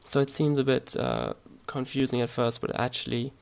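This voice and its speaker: Casual home-made language lesson: man, mid-pitched, gravelly, halting delivery. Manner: relaxed, hesitant, many fillers and restarts. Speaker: language teacher.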